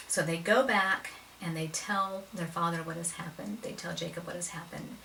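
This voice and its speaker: A woman's voice: on the low side, steady tone, normal speed, gravelly, hardly any pauses, sharp tone. A woman retelling a Bible story for adults in a casual, conversational and emotionally invested way. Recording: roomy, from a distance with faint noise.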